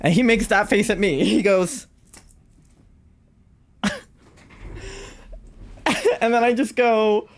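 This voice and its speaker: A young adult live streamer casually telling a story to chat, animated and wry, laughing often. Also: takes it slowly, long pauses. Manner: animated, laughs often, big swings in pitch.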